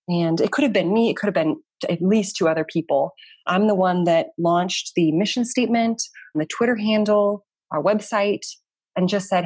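A woman in her thirties, a researcher and community founder, talking quickly and animatedly in a casual interview, often saying "like" and "you know.". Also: mid-range voice, darkish tone, slightly rough, dry recording, studio quality.

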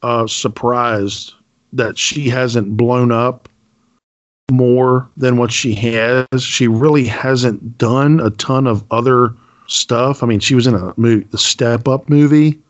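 A man hosts a podcast in a relaxed, joking way, his voice at a middle pitch. He leans on fillers like uh and like. The audio is a bit dull and lo-fi. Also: slow pace. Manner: laid-back and joking, with filler words. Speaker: podcast host. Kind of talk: casual chat.

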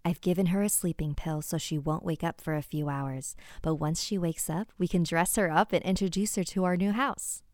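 A woman hosting a horror podcast, narrating stories in a measured first-person style. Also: on the low side, a little mellow, dry recording, clean studio sound. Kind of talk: scripted story narration.

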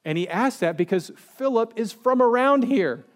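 A man's voice: extremely high pitch, animated, moderate pace. A male pastor giving a casual, conversational sermon with humorous asides and acted-out quotes. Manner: chatty, joking, acts out quoted people.

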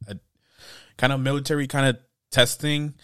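A man's voice: medium pitch, flat delivery, moderate pace, fairly bright tone, smooth, dry recording, studio quality. A man co-hosting a podcast in casual chat, rambling with lots of laughs and acted-out quotes. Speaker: podcast co-host.

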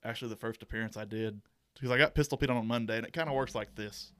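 A young man who performs as a university mascot talks as a guest in a casual interview, rambling easily. His voice is medium in pitch and fairly bright, and he speaks fast.

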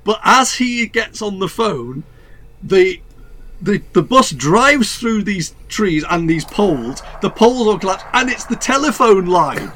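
Enthusiastic rambling man, high voice. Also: very animated, unhurried, fairly bright tone. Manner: enthusiastic, rambling, frequent restarts and laughs. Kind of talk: casual film discussion.

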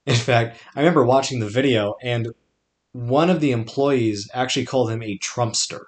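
A man's voice: medium pitch, moderate pace. A young man narrating his own podcast memoir in a wry, conversational way, with dry asides. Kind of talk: scripted personal narration.

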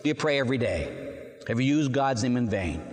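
Animated preaching priest in a reverberant hall. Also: male voice, mid-range voice, fairly quick. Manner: animated storytelling, acting out quoted voices. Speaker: Catholic priest. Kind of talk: sermon.

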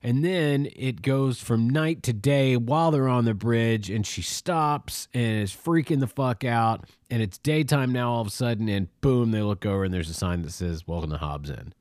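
A man's voice: mid-range voice, moderate pace, few pauses, no room sound, studio quality. A man on a podcast casually recapping a movie, laughing often and grumbling about its plot. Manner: lively, laughs often, exasperated. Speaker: podcast co-host.

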